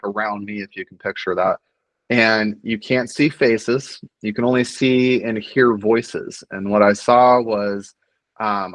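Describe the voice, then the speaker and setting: Middle-aged male guest, low voice, dry close sound, earnest and reflective talk. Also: fairly bright tone, dry recording, rough recording. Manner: earnest, reflective, many fillers and restarts. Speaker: podcast guest. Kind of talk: casual conversation.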